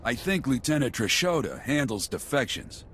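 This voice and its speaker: A man's voice: mid-range voice, big pitch swings, normal speed, fairly bright tone, a little hiss or hum. An actor playing a nervous, streetwise male resistance defector in a video game, speaking in a hesitant, folksy way. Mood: eager. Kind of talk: game voice acting.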